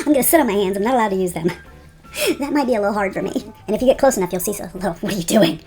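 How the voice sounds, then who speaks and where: A woman's voice: mid-range voice, fairly quick, a little mellow. Laughing woman vlogger joking through her makeup, faint music underneath. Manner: giggly, joking, self-teasing. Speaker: beauty vlogger. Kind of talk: casual makeup vlog.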